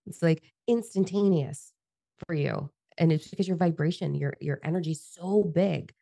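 Low raspy woman on a podcast, blunt and sweary, dark dry close sound. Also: normal speed, no room sound. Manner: blunt, swears freely, animated storytelling. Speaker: podcast co-host. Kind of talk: casual podcast chat.

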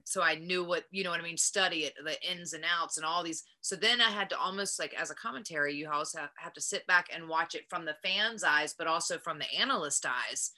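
A woman's voice with a bright, forward ring and a slightly low pitch. She is middle-aged and talks casually and animatedly, peppering her stories with "like". She slips into quoting her past self as she goes. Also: brisk, hardly any pauses. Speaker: wrestler and guest. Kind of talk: casual interview storytelling.

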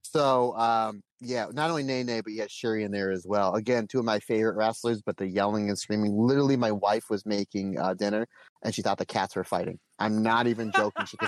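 A man co-hosting a podcast, telling stories and ranting about wrestling in an animated, emphatic way. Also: fairly low pitch, a little fast, dry recording. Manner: animated storytelling, emphatic and laughing. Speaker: podcast co-host. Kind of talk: casual podcast review chat.

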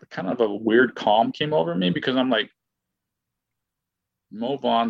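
A man with a lowish, gravelly voice tells a personal story in a loose, rambling way, full of fillers, restarts and acted-out quotes. The recording sounds dull and lo-fi, with a dry, close sound. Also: dry recording. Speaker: guest, former baseball player. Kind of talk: casual anecdotal storytelling.

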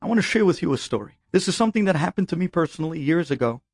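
Animated rabbi telling a story. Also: male voice, fairly high pitch, racing, soft background music. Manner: animated, emphatic, acts out dialogue. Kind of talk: personal storytelling podcast.

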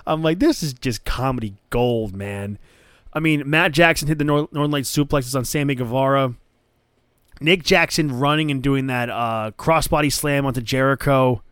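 A man's voice: medium pitch, fairly even intonation, normal speed, fairly bright tone, smooth, no room sound, studio quality. A man hosting a podcast, retelling a match in casual chat with eager, rambling enthusiasm. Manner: enthusiastic, rambling play-by-play recap. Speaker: podcast host.

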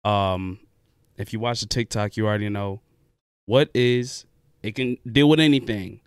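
A man hosting a casual podcast, talking laid-back slang with lively delivery. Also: on the low side, normal speed, smooth, no echo, clean studio sound. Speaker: podcast host.

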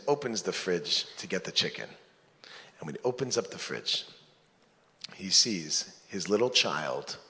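A male rabbi preaches to his community, telling stories with joking asides. His pitch swings widely and lively. Long reverb fills the big hall. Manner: animated storyteller, joking asides. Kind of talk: sermon with storytelling.

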